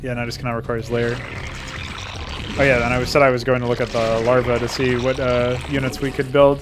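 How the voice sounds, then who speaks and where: A man's voice: mid-range voice, little pitch movement, a little fast, music in the background. A young man casually commenting on his own game campaign, self-mocking, swearing a lot and laughing often.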